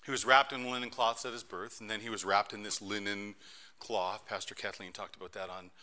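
A middle-aged man preaching a sermon as pastor, telling stories in an animated way that swings between soft and loud. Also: lowish voice, brisk.

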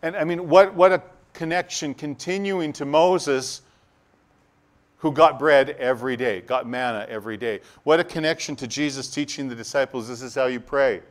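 A man's voice: fairly high pitch, normal speed. A male pastor preaching a sermon, acting out the crowd's voices and laughing as he goes. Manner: animated, acts out voices of the crowd, laughs often.

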